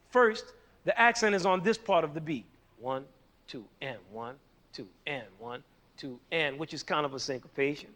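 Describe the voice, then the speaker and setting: High-voiced playful male music teacher. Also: fairly bright tone. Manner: jokey, teasing, counts beats aloud. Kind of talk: playful explanatory lesson.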